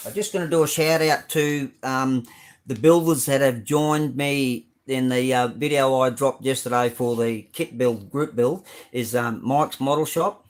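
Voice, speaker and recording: A man's voice: mid-range voice, unhurried. A middle-aged Australian man hosting a casual live stream, rambling through his model car builds with many ums and greeting viewers by name. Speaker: live stream host showing model cars.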